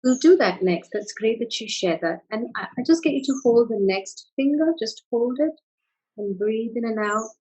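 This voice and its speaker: A woman coaching a guided tapping session over a video call, soothing and full of praise as she gives calm step-by-step prompts. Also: a little high, normal speed, breathy edge, dull audio.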